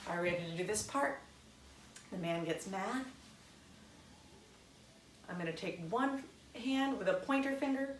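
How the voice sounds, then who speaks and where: A woman's voice: medium pitch, moderate pace, pauses often, reverberant, distant mic. A woman hosting children's story time, encouraging the kids directly as she leads an act-out.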